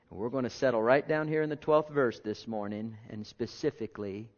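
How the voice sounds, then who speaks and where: A man preaching a sermon, reading scripture and then talking with big swings from loud declarations to hushed, almost whispered lines. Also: medium pitch, brisk, few pauses. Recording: dull lo-fi sound.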